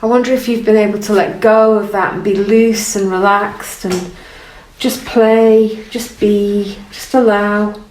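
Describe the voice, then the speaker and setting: A woman gently guiding an art lesson while she paints, encouraging and thinking aloud. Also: medium pitch, flat delivery, a little slow. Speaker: art teacher. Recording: roomy, from off the mic, faint noise.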